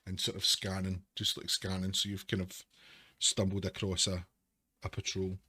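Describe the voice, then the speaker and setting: A man with a lowish voice narrates a tabletop game as its game master, dry and close to the mic. He describes the scene loosely, leaning on words like "sort of.". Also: monotone, moderate pace, bright, forceful tone, breathy edge, no room sound.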